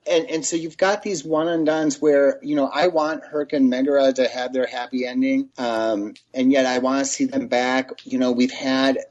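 A man's voice: mid-range voice, fairly even intonation, moderate pace, few pauses, a little mellow, muffled recording. A man co-hosting a podcast, earnest and rambling, talking straight to the listeners. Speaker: podcast co-host. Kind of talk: casual chat.

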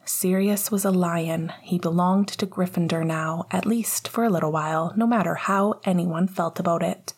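A woman reading a story aloud in a calm, measured, soft manner. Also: lowish voice, breathy edge. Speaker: audiobook narrator. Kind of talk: reading fan fiction aloud.

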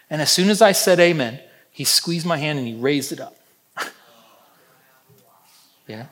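High-voiced pastor with swelling emphasis. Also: male voice, lively intonation, moderate pace, pauses often. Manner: swings from loud emphatic repetition to soft hushed endings; storytelling, personal anecdotes. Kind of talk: sermon.

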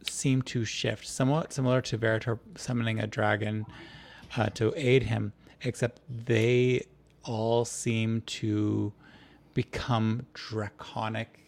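A man narrating as game master of a tabletop game, describing the scene in a halting, drawn-out way. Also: fairly low pitch, flat delivery, gravelly.

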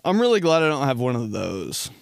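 With wildly swooping pitch and a fairly quick pace, this twenty-something podcast host sounds gravelly yet smooth. He rambles through casual comedic chat, laughing a lot and doing quotes in high voices, in clean studio sound with no echo.

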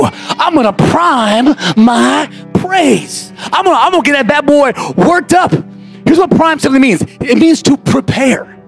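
Pastor, male, high gravelly voice, fiery shouting sermon delivery in a church, faint music under. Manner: impassioned, shouting preacher. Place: church sanctuary.

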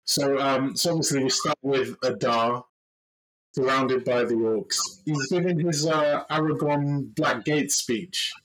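Husky-voiced male podcast host. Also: medium pitch, a little slow, fairly bright tone, low-quality recording. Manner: chatty, with frequent fillers. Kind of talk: casual chat.

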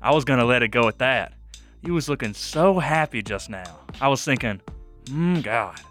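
A man's voice: medium pitch, expressive, moderate pace, fairly bright tone, faint music behind, natural voice. A man voicing a sly young killer with a country Southern accent, drawling and confiding like a film villain. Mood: smug confiding.

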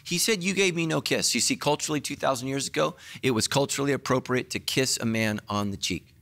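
A middle-aged man preaching a sermon as a pastor, telling the story with acted-out dialogue and sudden swings between loud and hushed. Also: fast talker. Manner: animated storytelling, acting out dialogue with big pitch swings.

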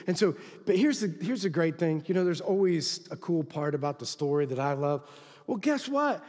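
Emphatic pastor preaching in a hall. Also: male voice, high voice. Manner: emphatic, swings from loud exhortation to quiet asides. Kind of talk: sermon.

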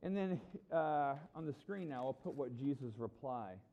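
A man's voice: medium pitch, normal speed. A middle-aged man preaching a sermon as a pastor, talking conversationally and acting out the people he quotes. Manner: conversational, animated, acts out quoted voices.

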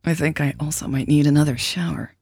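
Brief: woman voicing relaxed, dry-humored woman, low and mellow, slight fry. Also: brisk, heavily acted. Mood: wry.

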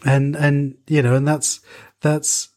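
A man's voice: a little high, little pitch movement, slow, a loud crowd. Rambling man in casual chat. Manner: rambling, restarts, many ums.

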